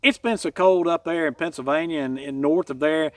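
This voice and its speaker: A folksy man with a high voice hosts a casual trail update, rambling and joking at his own expense. The sound is dry and set back from a distant mic. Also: fairly quick, no echo. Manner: folksy, rambling, self-deprecating jokes. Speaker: hiking channel host.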